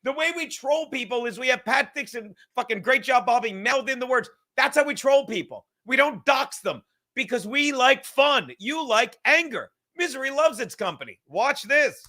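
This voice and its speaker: Very high-pitched, pushed and bright, with lively intonation, a podcast host tears into clips in animated commentary, swearing heavily and sarcastically as his rant speeds up.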